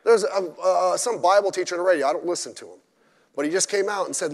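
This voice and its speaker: During a midweek service, a pastor with a high male voice preaches quickly, bluntly and emphatically, adding mocking asides. The church hall gives the sound a strong echo.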